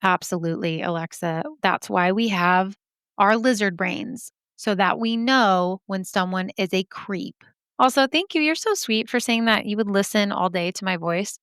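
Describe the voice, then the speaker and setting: A woman podcast host talks into a close microphone in a casual, candid way, cursing freely and laughing at herself between thoughts. Her voice sits at an ordinary middle pitch. The recording is dry, with almost no room sound. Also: normal speed, fairly bright tone, smooth, no room sound. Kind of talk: casual chat reacting to listener stories.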